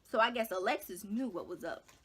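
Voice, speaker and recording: A young woman vlogger tells her viewers a personal story in a storytime vlog, talking casually and with slang. She's animated and dramatic, with big swings in pitch and loudness, and speaks briskly with a breathy edge.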